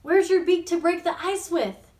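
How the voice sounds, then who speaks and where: A smug, scoffing storybook duck put on by a woman, loud and high with bouncy swings in pitch. The mockery is boastful, and the sound carries a roomy echo from a distant mic. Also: big pitch swings, normal speed. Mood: mocking. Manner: mocking, boastful. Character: smug male duck, scoffing know-it-all.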